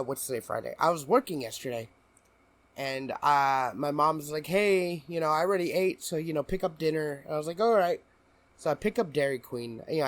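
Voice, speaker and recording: A man's voice: on the high side, fairly bright tone, no room sound. Guy cohosting a podcast, keeps laughing thru his story, dry close mic. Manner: laughs often while telling a story. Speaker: podcast co-host. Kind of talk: casual chat.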